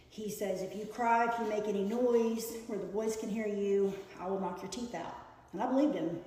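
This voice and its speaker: A woman recounting her own story with earnest, halting delivery and frequent fillers. Her voice sits at an ordinary middle pitch for a woman. The room around her rings with strong echo and a long, lingering reverb. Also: darkish tone. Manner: talking while painting. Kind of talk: casual personal storytime.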